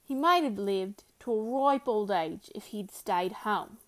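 A woman's voice: mid-range voice, a little slow, lightly acted. A woman voicing a weary, level-headed frontier man who talks in a rustic dialect. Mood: resigned. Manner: rustic dialect, flat and reasoning.

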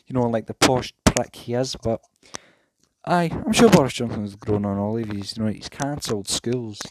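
A man's voice: lowish voice, normal speed, background noise. Rambling, sweary young man. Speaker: podcast host. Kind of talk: casual solo rant. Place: bedroom.

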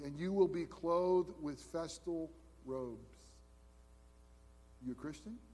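A male pastor preaching a sermon in a church, swinging between loud exclamations and hushed asides. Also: high voice, long reverb tail. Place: church sanctuary.

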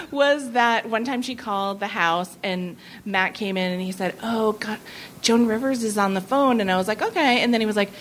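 A woman in her thirties telling a comic anecdote at a live venue, animated and often laughing. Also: mid-range voice, normal speed, slight background noise. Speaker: comedy writer guest. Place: live venue before an audience.

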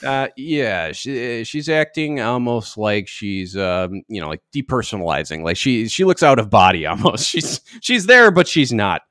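A man's voice: on the low side, big pitch swings, measured pace, hardly any pauses, bright, forceful tone, no echo, studio quality. A young man co-hosting a podcast, recapping an episode in a rambling, hedging, wry way. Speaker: podcast co-host.

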